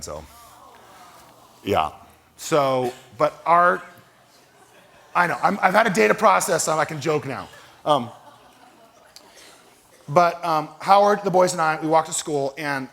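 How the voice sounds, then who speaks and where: A man's voice: mid-range voice, fairly bright tone. A man preaching a sermon as pastor, conversational and storytelling, with self-deprecating humor. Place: church sanctuary.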